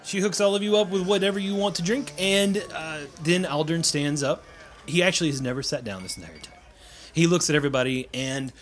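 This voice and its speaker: A man's voice: a little high, fairly quick, a bit bright. Laughing man running a tabletop game. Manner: casual, laughs easily. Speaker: game master.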